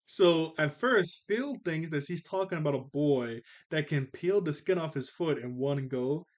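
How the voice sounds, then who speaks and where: A man's voice: a little high, a little slow. A young man giving a casual, playful recap of a cartoon episode, laughing often as he talks. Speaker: cartoon reviewer.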